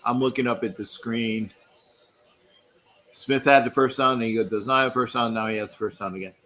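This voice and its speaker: A man's voice: medium pitch, fairly even intonation, normal speed, pushed and bright, low-quality recording. A middle-aged man, hosting a sports livestream in loose, profane, rambling chat full of restarts. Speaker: livestream host.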